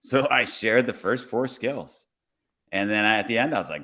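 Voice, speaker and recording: Man, lowish voice, police officer, relaxed podcast storyteller who acts out his own lines. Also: a little fast.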